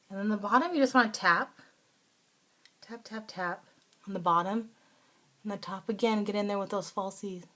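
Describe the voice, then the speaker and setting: A woman hosting a casual makeup tutorial, talking through each step in an instructive, chatty way and now and then dropping into soft asides. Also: mid-range voice. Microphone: phone or camera close by.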